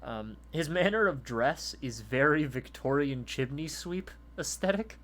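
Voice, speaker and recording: A man's voice: fairly high pitch, animated, a little slow, a bit bright. A man narrating a tabletop game as game master in a casual, profane way. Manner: casual, profane, laughs easily.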